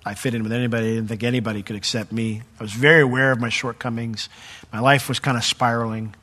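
Animated man preaching a sermon. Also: mid-range voice, fast. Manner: animated storyteller, voice jumps up when acting out the crowd; drops to a soft, hushed tone for personal testimony. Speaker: pastor.

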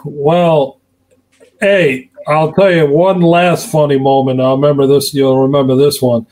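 A man's voice: on the high side, little pitch movement, unhurried, darkish tone, rough recording. A man hosting his own show in casual chat, affectionate and telling stories. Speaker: radio show host.

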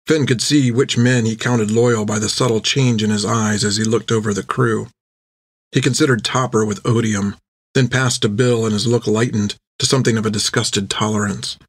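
A man's voice: on the low side, normal speed, breathy edge, dry recording. Man narrating a story in a dry close voice. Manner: steady, even storytelling. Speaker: audiobook narrator.

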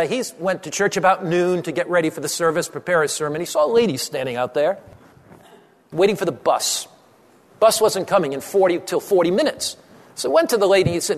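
A man preaching a sermon, telling a story with dramatic pauses and slowing on key phrases. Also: high voice. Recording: long hall reverb.

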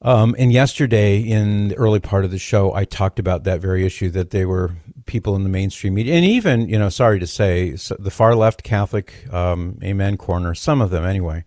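A man hosting a call-in radio talk show, speaking in a measured, conversational way with occasional dry jokes. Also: low voice, darkish tone, no room sound.

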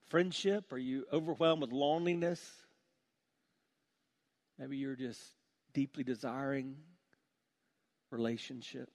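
A man preaching a sermon with passion, dropping to a hushed voice on heavy points. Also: medium pitch, unhurried, long pauses. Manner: impassioned, drops to a hush on heavy points. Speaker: pastor.

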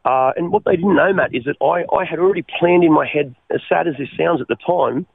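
An Australian man recounts his life story as a radio guest, earnest and stumbling, with many restarts and frequent use of mate. His voice is gravelly and a little high for a man. It comes through a dry, tinny phone line. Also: brisk, no room sound. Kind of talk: personal testimony on radio.

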